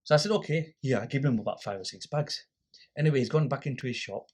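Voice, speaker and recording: A man's voice: medium pitch, fast talker, slightly rough. A man guest on a podcast, casually telling a story and acting out the people in it. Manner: animated storyteller acting out quoted exchanges.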